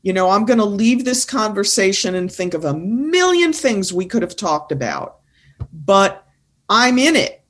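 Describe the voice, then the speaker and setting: A woman's voice: mid-range voice, very animated, a little slow, a bit bright. A woman speaking coach in a podcast conversation, talking in an emphatic, insistent, teacherly way.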